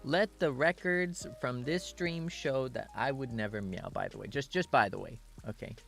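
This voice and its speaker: A man's voice: mid-range voice, normal speed, gravelly, a bit bright, soft background music. A man chatting casually on a livestream, playful and rambling, full of teasing asides. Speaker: streamer.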